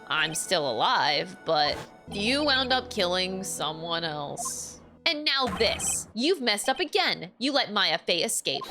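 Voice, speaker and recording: A woman voicing a vengeful young woman who is an evil spirit, mocking and spiteful, in a video game. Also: on the high side. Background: game music.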